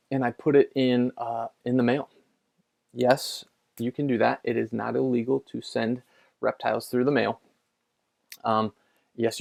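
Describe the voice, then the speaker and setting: A man's voice: medium pitch, vocal fry, a little mellow. A middle-aged man, a pastor, telling a story in a casual conversational sermon, chatty with lots of fillers and restarts.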